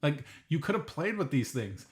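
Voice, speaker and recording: A man's voice: a little high, big pitch swings, moderate pace. A man co-hosting a podcast, chatting casually and earnestly arguing for what he likes. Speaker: podcast co-host. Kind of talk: casual chat.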